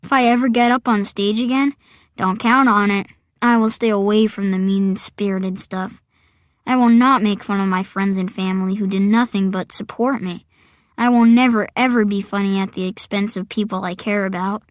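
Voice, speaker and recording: A woman's voice: mid-range voice, steady tone, moderate pace, no room sound, studio quality. A woman reading a first-person audiobook in a wry, conversational storytelling manner. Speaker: audiobook narrator.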